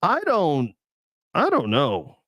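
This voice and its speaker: A man's voice: high voice, huge pitch swings, takes it slowly, a bit bright, no room sound, dull audio. A man hosting a casual live stream chat, thinking aloud with lots of restarts and fillers.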